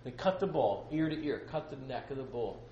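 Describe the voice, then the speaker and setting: Animated man teaching from the Bible. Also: medium pitch, a little fast, muffled recording, a little hiss or hum. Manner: acts out quotes loudly, jokes with listeners. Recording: echoey room with faint ambience.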